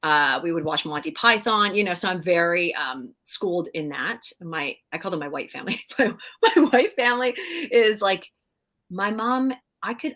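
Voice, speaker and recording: A middle-aged woman with a slightly low voice chats as an interview guest. She tells animated stories, laughs often and fills her talk with "like" and "you know". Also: moderate pace. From Canada. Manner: animated storyteller, laughs often, many fillers. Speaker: guest actress. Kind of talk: casual interview chat.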